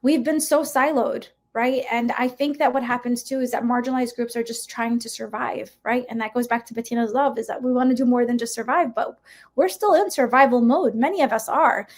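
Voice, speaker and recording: A woman's voice: fairly high pitch, brisk. A middle-aged woman from the United States, a guest educator in a podcast interview, speaking in an impassioned, emphatic way and often adding a rhetorical "right?".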